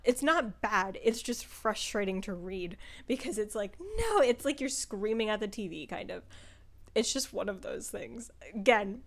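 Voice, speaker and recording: A woman talking through a book review in a loose, chatty way. She rambles, leans on filler words, swears freely and laughs often as she goes. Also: medium pitch. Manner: chatty and rambling, with frequent "like" and profanity. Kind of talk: casual spoken book review.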